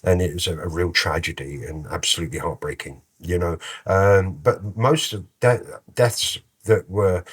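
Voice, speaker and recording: A man telling lively, cheeky anecdotes as a guest, in a casual and slangy way. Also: low-pitched, normal speed, few pauses, slightly rough. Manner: animated, cheeky, slangy storyteller. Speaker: guest musician.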